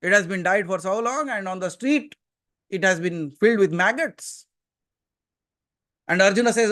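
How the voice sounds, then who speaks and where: An Indian-accented man leads a satsang from his seat before a gathering, his voice sitting unusually high for a man. He preaches in an earnest, emphatic way, firing rhetorical questions at his listeners and now and then slipping into Hindi. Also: normal speed, long pauses, pushed and bright. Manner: switches into Hindi mid-talk. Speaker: spiritual teacher. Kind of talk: satsang sermon.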